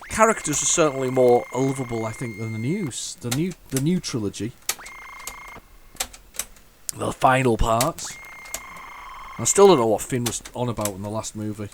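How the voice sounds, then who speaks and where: Rambling, excitable male retro gamer. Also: medium pitch, moderate pace, long pauses, noisy background. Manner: rambling, thinks aloud with many restarts; excitable bursts over the game. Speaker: retro gaming channel host. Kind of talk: casual gameplay commentary.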